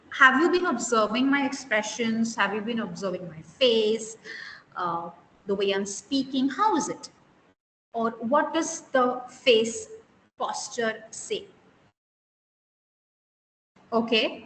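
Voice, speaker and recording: A woman's voice: sits high, bright, forceful tone. A woman teaching an online interview skills class, stressing key words and quizzing her students. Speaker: soft skills interview trainer. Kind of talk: live online class lecture. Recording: echoey room with long reverb, faint hiss.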